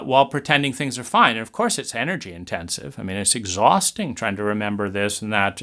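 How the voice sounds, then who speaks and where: A man delivers a spoken monologue about family dynamics in an animated way, often slipping into little acted scenes. His voice is bright and forceful, and his pitch sits in the middle range for a man. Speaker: speaker on trauma. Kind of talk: lecture monologue.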